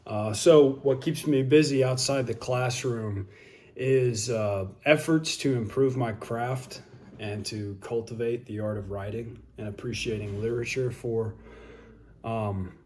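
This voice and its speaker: A young man, a high school English teacher, answering a list of questions in a measured, slightly formal way. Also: steady tone, a little mellow, slight background noise. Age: young adult. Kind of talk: answering questions for a video update.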